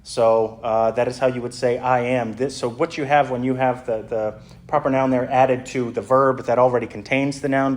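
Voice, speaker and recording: A middle-aged man teaches from scripture in an easygoing, conversational tone. His pitch sits in the ordinary middle range. He pauses often on "uh" while working through an explanation. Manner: conversational, explanatory, frequent "uh" fillers. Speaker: pastor. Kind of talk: sermon teaching.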